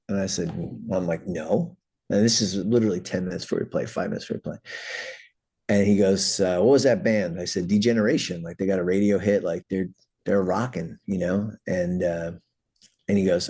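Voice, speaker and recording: A middle-aged man from New York City, a punk singer, telling an animated backstage story with swearing and acted-out voices. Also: low voice, moderate pace, breathy edge. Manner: animated anecdotes, acts out quoted voices, swears freely. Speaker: guest, punk band vocalist. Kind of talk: casual storytelling.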